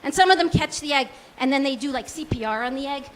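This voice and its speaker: A woman's voice: sits high, quick pace. A woman in her forties doing a stand-up comedy set, chatty and self-deprecating, full of likes and ums. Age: 40s. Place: small comedy club stage.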